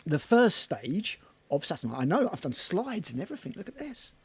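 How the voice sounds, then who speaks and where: A man with a gravelly, slightly husky voice, pitched a bit higher than most men, chatting loosely on a hobby podcast. He rambles and swears casually. The sound is close and dry. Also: sing-song, fairly quick, no room sound. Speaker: podcast co-host. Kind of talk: casual chat.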